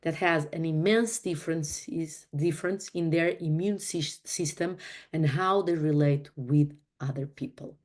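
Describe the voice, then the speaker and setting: A woman's voice: deep voice, measured pace. A woman hosting a reflective talk on relationships, speaking earnestly and reassuringly in short phrases. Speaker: host leading a relationship talk.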